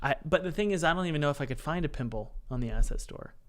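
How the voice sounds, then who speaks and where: A man's voice: fairly high pitch, lively intonation, fast. A man casually teaching game development on a live stream, joking with his chat and talking himself through each step aloud. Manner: playful, jokey, chats directly with the live chat; talks himself through software steps aloud.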